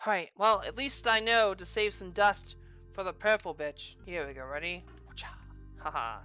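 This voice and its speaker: A woman hosting a let's play, excitable and profane, with loud outbursts. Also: medium pitch, normal speed, faint music behind. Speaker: gaming video host.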